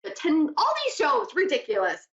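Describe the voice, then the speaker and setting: A high-pitched woman with huge pitch swings and a moderate pace hosts a psychic radio show, her tone a bit bright. She teaches in a chatty, laughing, meandering way, captured in an echoey lo-fi room.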